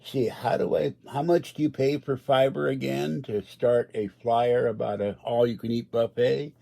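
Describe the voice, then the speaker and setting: A man's voice: mid-range voice, steady tone, moderate pace, vocal fry, dark tone. An older man, rambling and grumbling sarcastically on a casual home livestream. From Pittsburgh area. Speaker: livestream host. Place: indoors at home.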